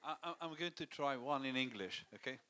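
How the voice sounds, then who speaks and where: A man's voice: medium pitch, lively intonation, fairly quick, pushed and bright, slight background noise. A man who teaches phonetics speaks to students at a school event, restarting his sentences and checking in with "okay?" after each point.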